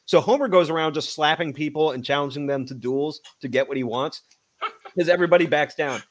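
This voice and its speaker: A man's voice: on the high side, a little fast. A man in casual podcast chat, tossing in dry jokes between retellings. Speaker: co-host.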